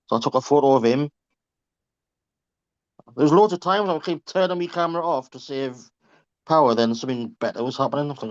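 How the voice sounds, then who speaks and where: A man's voice: mid-range voice, brisk, pauses often, no room sound. Group-call regular: man with a mid-range voice, chatty and profane, slightly muffled dry recording. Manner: chatty, swears freely, laughs through stories. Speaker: reading group member on a group call. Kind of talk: casual anecdote telling.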